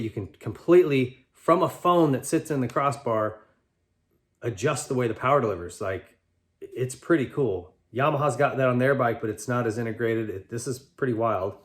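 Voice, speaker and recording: A man hosting a talk show, answering listener letters in a loose, rambling conversational way with lots of restarts. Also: medium pitch. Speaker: podcast host and bike tester. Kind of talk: casual chat answering listener mail.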